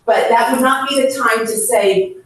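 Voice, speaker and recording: A woman leading a caregiver seminar, frank and lively, who laughs often and acts out scenes. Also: fairly high pitch, normal speed. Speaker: hospice educator. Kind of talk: seminar talk. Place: seminar room. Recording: echoey room from far off.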